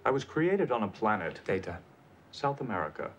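An actor playing a starship captain disguised as a 1940s private detective, measured and commanding. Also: male voice, on the low side, big pitch swings, a bit bright, a little hiss or hum. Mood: earnest. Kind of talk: TV drama acting. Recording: faint background ambience from a TV episode.

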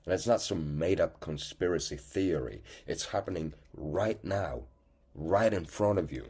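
A man with a very deep, husky voice rants bluntly and with open contempt. He swears freely and keeps tagging his points with "okay?". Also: unhurried, a little mellow. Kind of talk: angry profane rant to camera.

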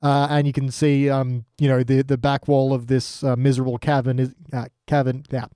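A man chatting casually about a TV episode, playful and quick to slip into mock voices. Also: medium pitch, level tone, dark tone, clear, resonant tone, no room sound, studio quality. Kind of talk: casual chat.

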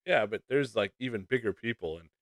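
A man's voice: fairly low pitch, animated, brisk, no room sound, clean studio sound. A man co-hosting a podcast, chatting casually, asking questions and laughing easily. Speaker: podcast co-host. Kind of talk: casual chat.

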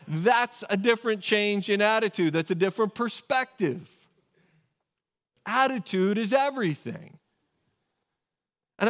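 A man's voice: high voice, fairly bright tone. A man preaching a sermon in a conversational way, often asking rhetorical questions and correcting himself. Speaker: pastor.

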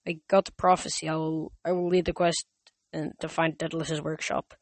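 A man voicing a shaken teenage girl in a storybook reading, halting and subdued. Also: on the high side, level tone, no room sound.

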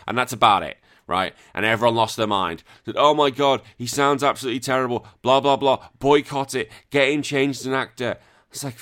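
A man's voice: on the low side, fairly bright tone. A man hosting a gaming video, ranting in an exasperated, sweary, rambling way with frequent restarts. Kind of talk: casual ranting commentary.

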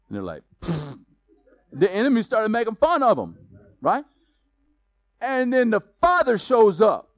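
A man preaching a sermon, telling a story in a lively, casual way with slang. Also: high voice, normal speed, no echo. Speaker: pastor.

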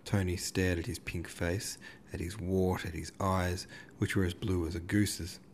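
A man reading a classic novel aloud as an audiobook narrator, in a measured storytelling manner. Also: low-pitched, level tone, a little hiss or hum.

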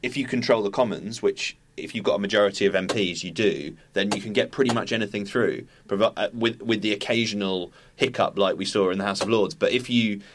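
A man on a casual discussion panel, explaining his point in a measured way. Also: fairly low pitch, slight background noise.

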